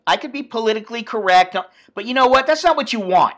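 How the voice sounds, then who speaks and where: A man's voice: sits high, expressive, a little fast, a bit bright. A man from the United States ranting bluntly and profanely in a casual vlog. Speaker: expat vlogger.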